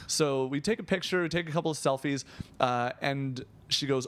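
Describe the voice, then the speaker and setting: A man's voice: medium pitch, brisk. A young man in a casual interview, telling an anecdote and acting out the voices of the people in it. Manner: animated, acts out the voices of people in his story. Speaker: guest, content creator.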